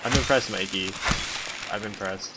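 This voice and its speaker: Low-voiced man rambling over a game. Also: moderate pace, heavy background noise. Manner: rambling, joking asides. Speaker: gamer. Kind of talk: let's-play commentary. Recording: loud game sounds behind.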